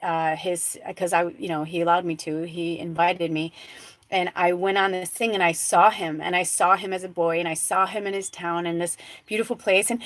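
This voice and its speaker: A woman with a voice on the low side hosts a live spiritual talk show, rambling through a casual story with plenty of fillers and restarts as she shifts from soft, hushed tones to excitement. The audio has no echo.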